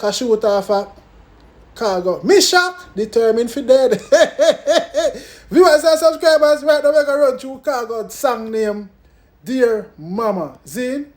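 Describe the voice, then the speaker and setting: A man with a Jamaican accent hosting a casual music commentary vlog in an animated way, tagging his lines with "you know" and "big up". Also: very high-pitched.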